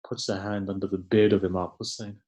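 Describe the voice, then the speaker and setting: A man giving a mournful sermon, recounting a tragedy in slow, grieving storytelling with dramatic pauses, sometimes dropping almost to a hush. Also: low voice, flat delivery. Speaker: preacher. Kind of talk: mournful majlis sermon narration.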